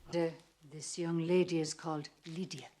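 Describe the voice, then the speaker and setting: An actress playing an older housekeeper in a drama film, polite and eager to please. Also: female voice, low voice, flat delivery, moderate pace, warm tone, natural voice.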